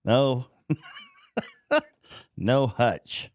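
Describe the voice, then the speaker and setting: A man's voice: medium pitch, sing-song, slow, long pauses, dry recording, studio quality. Joking, swearing man, podcast host. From North Dakota. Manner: joking, laughs often, swears. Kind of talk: casual podcast monologue.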